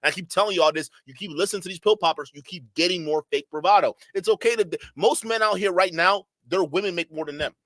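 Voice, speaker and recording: Man, high voice, bright edge, dry close sound, blunt profane reaction rant, mocking asides. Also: fast talker, hardly any pauses, no echo. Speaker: streamer commentator.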